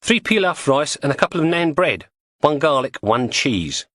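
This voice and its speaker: A man's voice: fairly high pitch, sing-song, normal speed, fairly bright tone, no echo, studio quality, voice pushed up. A man voicing a bossy, volatile woman crook with an Estuary English accent, breezy and mocking.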